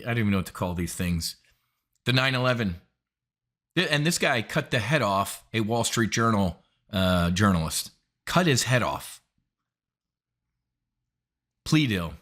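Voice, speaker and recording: A man's voice: on the low side, fairly bright tone. A man hosting an options trading show, giving blunt, indignant market commentary with emphatic outbursts.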